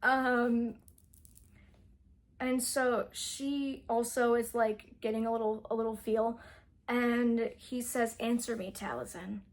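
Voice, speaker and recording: A young woman casually recapping a book's plot. She rambles excitedly, filling her talk with "like" and cutting herself off. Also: on the high side, slow pace. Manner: rambling, fills speech with "like"; self-interrupting, excitable. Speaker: book reviewer.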